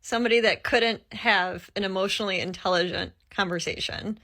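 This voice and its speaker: A woman's voice: medium pitch, a little fast, sharp tone. A woman giving emphatic, lecturing dating advice straight to camera, often repeating "trust me". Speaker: dating commentator. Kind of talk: direct-to-camera advice monologue.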